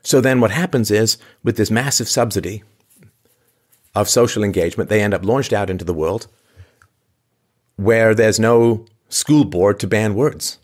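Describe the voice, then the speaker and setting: A man with a low, deep voice rants through a commentary monologue, firing off incredulous rhetorical questions. His delivery is sarcastic and punctuated by weary sighs. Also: moderate pace. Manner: sighs often. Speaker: podcast host.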